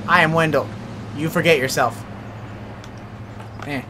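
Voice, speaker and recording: A man's voice: on the high side, unhurried. A man giving casual gaming commentary, goofy and rowdy, trash-talking and bragging as he plays. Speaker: let's play gamer. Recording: noisy with game sound behind.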